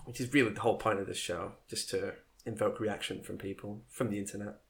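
A man's voice: lowish voice, fairly even intonation, fast, creaky, a bit bright. A young man from England with a nasal voice, hosting a casual comedic podcast and laughing as he jokes. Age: young adult. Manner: playful, laughing, bouncing into silly voices. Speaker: podcast host.

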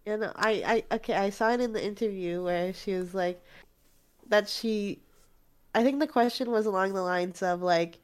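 A woman co-hosting a casual podcast, retelling an anecdote in relaxed chat. She laughs often as she talks. Her voice sits at an ordinary middle pitch. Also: moderate pace, smooth. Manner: laughs often while telling stories. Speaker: podcast co-host.

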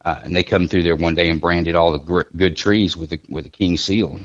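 A man's voice: low-pitched, fairly even intonation, brisk, lo-fi sound. A middle-aged man chatting casually as a podcast guest, rambling and joking through his stories with many restarts. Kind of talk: casual chat.

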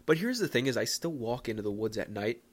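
Rambling, excitable young man hosting. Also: mid-range voice, quick pace. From Philadelphia area. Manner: rambling, self-mocking, excitable. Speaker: podcast host. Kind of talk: casual solo podcast chat.

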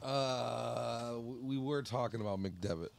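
A man's voice: mid-range voice, unhurried, creaky. A young man co-hosting a podcast, chatting casually and joking in a rambling way. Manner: rambling, joking, loose with restarts. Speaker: podcast co-host. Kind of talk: casual chat.

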